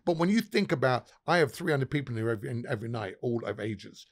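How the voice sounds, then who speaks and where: A man's voice: mid-range voice, animated, quick pace. A man, a pub owner and guest, telling profane, laughing anecdotes in casual conversation. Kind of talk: casual storytelling chat.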